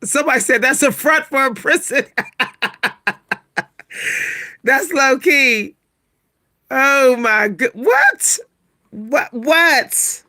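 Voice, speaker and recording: A woman hosting a casual livestream, talking to her viewers, laughing often and exclaiming in a high squeal. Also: slow, long pauses. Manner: animated, keeps exclaiming "what?" in a high squeal; laughs between remarks, talks to viewers as "y'all". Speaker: livestream host reacting to pictures.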